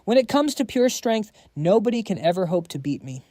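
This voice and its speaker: A man's voice: sits high, big pitch swings, fairly quick, dark tone, dry recording, clean studio sound, voice pushed up. A man voicing an arrogant, boastful male spear warrior who talks down to his foe. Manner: condescending, boastful.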